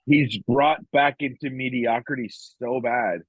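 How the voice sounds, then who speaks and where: Cussing podcast guy, emotional, husky voice, thin phone-ish sound. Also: medium pitch, fairly even intonation, a little slow, no echo. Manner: blunt, profane, emotional, many restarts. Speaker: podcast co-host. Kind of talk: casual podcast chat. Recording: dry, tinny phone-like sound.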